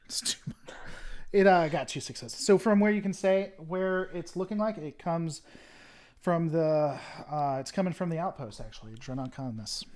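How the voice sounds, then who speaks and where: A man's voice: a little high, a little mellow. A man narrating as game master of a tabletop role-play game, speaking casually and hesitantly, with many fillers. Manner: casual, halting, with fillers and laughs.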